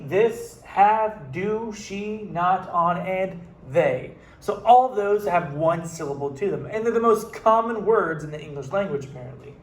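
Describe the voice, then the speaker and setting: Male English teacher, higher voice, reads aloud then breaks it down casually; roomy echo. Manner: reads passages slowly then explains in casual asides. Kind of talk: reading aloud and explaining a text to students.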